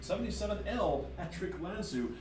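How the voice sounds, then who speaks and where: A man's voice: high-pitched, expressive, normal speed, far from the mic. A man announcing a motorcycle race over the PA, steadily running down positions and bike numbers. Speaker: track announcer. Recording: roomy PA sound picked up from afar. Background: loud crowd and track noise.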